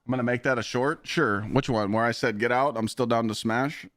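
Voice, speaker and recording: A young man streaming games, telling stories to his chat in a blunt, profane, animated way. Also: mid-range voice, fairly quick, dry recording. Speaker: game streamer. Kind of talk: casual live-stream storytelling.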